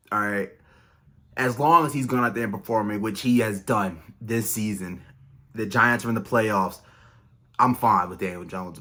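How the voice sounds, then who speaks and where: A young man hosting a fan channel, giving an emotional, excited postgame reaction rant with lots of repetition. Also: lowish voice. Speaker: sports fan channel host.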